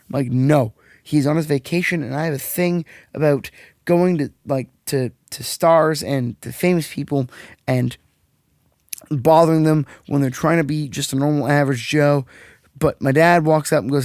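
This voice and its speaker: Young man, swearing storyteller, slightly high voice, dry close sound. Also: moderate pace, a little mellow, no echo. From Canada. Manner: profane, rambling storyteller who acts out quotes. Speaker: podcast host. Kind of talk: casual podcast chat.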